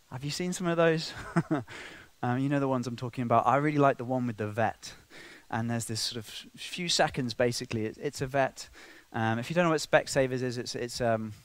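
A man preaching a sermon, conversational and full of asides, swinging from quiet, intimate remarks to loud, emphatic passages. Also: medium pitch, no echo.

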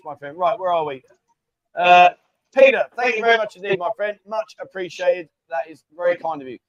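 A man's voice: high voice, dry recording. A man hosting a casual live stream, bantering and teasing viewers. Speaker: livestream host. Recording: dull lo-fi stream audio.

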